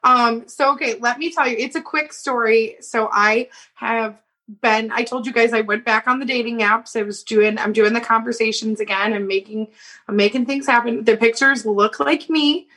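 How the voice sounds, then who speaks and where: A woman's voice: fairly high pitch, moderate pace, bright, forceful tone, slightly rough, rough recording. Exasperated woman venting in chat. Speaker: co-host. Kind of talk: casual chat.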